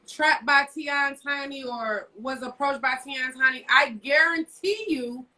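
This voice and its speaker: A woman with a high, bright, piercing voice rants bluntly and profanely on a live stream, telling one story after another. Her voice sits a bit away from the phone mic, so it sounds slightly distant. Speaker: co-host. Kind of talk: casual livestream rant. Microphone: phone livestream.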